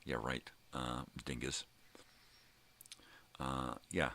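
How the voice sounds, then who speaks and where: A man's voice: extremely low pitch, steady tone, unhurried, sharp tone. A middle-aged man hosting his own morning vlog, ranting and rambling casually with plenty of swearing. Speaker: vlogger host.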